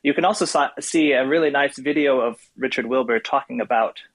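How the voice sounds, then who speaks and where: This is a man whose voice has a nasal, somewhat tinny ring and a gravelly texture. He discusses poetry thoughtfully, feeling his way through ideas, and reads verse aloud with attention to each line. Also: medium pitch, fairly quick. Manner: thoughtful, hesitant with fillers. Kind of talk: casual discussion and poetry reading.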